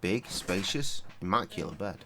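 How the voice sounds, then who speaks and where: A man's voice: low voice, animated, moderate pace, sharp tone, a little hiss or hum. A man chatting and swearing casually while streaming a game and tending to his dogs. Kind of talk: casual live-stream commentary.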